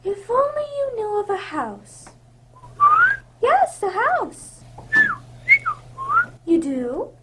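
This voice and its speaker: A very high, sweet and breathy young princess, gentle and easily frightened, as a woman plays her in a radio drama. She speaks slowly and softly. Loud hiss sits under the voice. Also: very animated, heavily acted. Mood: sweet, wondering. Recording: loud background noise.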